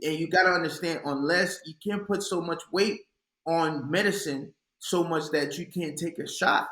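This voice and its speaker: On a low-quality recording, a young doctor being interviewed speaks at a moderate pace in a fairly high, slightly bright voice. Earnest and reflective, he gives conversational advice and tends to repeat words when beginning a thought.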